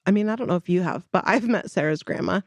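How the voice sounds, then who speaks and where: A woman's voice: lowish voice, quick pace, no room sound. A woman co-hosting a podcast, telling a family story in casual chat and acting out the quotes. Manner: chatty storyteller, acts out quotes with laughs. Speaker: podcast co-host.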